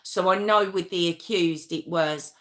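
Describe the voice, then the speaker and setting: A woman hosts a casual true crime live stream and talks right into her mic. Her voice is bright and forward, and her speech rambles, with restarts and asides to her viewers. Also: fairly low pitch, a little slow. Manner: rambling, chatty, self-interrupting; talks straight to viewers, reacting to chat.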